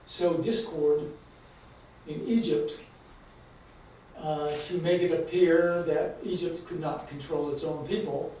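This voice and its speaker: A man, an author, talks casually and haltingly about his book at a lecture event. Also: fairly high pitch, fairly even intonation, mellow. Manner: hesitant, many fillers. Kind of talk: book talk and reading. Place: lecture hall. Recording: echoey hall, mic from far off, faint noise.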